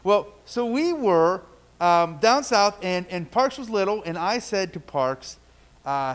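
A man's voice: sits high, lively intonation, takes it slowly. A man leading a children's story in church, playfully asking the kids questions and telling a story. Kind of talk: children's sermon. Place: church sanctuary.

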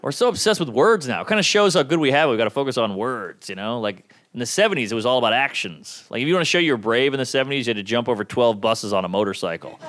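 A man in his thirties doing a stand-up comedy set, delivering deadpan one-liners and quick acted-out quotes. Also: mid-range voice. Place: comedy club stage. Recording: live club recording with crowd noise. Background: audience laughing.

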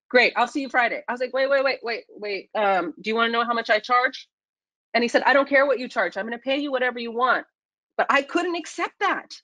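Animated woman telling a story. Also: fairly high pitch, no room sound, poor audio. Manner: animated, acts out her own and others' lines. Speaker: featured speaker. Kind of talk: storytelling talk on a video call.

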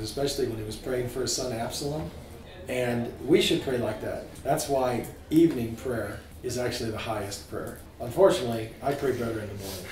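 A man teaching a small group about scripture, informal and animated, asking his listeners questions. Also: medium pitch, roomy sound, far from the mic, low-quality recording. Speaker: priest teaching a catechism class.

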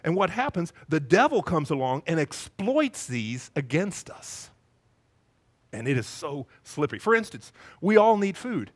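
A male pastor preaching a sermon, telling stories in a lively way and acting out the voices of the people in them. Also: a little high, measured pace. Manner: lively storytelling, acts out voices.

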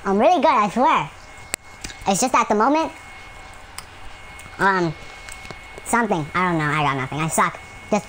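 A man's voice: sits high, fairly bright tone, slight background noise, rough recording. A man giving gameplay commentary at home, rambling with many fillers and breaking into yelps and rants at the game. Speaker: gaming channel host.

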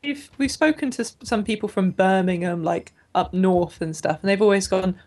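A woman's voice: medium pitch, normal speed, few pauses, darkish tone. A young Englishwoman chatting while gaming, giggly and self-deprecating. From England. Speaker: gamer. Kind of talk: casual chat while gaming.

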